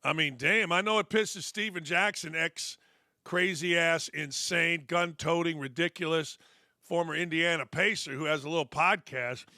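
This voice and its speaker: A man's voice: on the high side, a little slow, bright, forceful tone, no room sound, clean studio sound. A middle-aged man hosting a sports talk show, delivering a blunt, sarcastic, fired-up opinion monologue.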